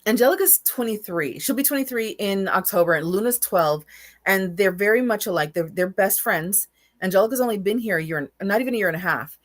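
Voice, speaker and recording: A woman's voice: mid-range voice, lively intonation, brisk. A woman in her forties talking openly and emotionally in a casual podcast chat, often restarting and repeating words. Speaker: co-host.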